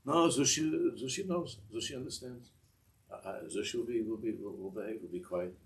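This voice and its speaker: A man's voice: fairly quick, close to an everyday voice. A man putting on a gleeful, fiery old holy man, heard from a distance. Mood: eager, humble. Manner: excited high-pitched exclamations, speaks of himself by name.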